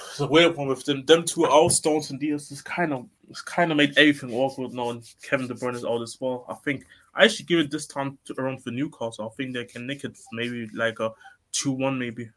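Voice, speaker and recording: A man's voice: medium pitch, fairly even intonation, a little fast, a bit bright. A man hosting a casual sports chat, asking others for their predictions and hesitating often as he thinks aloud. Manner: hesitant, with many fillers and restarts.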